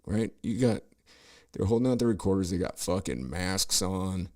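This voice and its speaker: This middle-aged host's deep, darkish voice is expressive and moves at normal speed, with no echo. On his podcast he rants and swears sarcastically, giving profane political commentary over news clips.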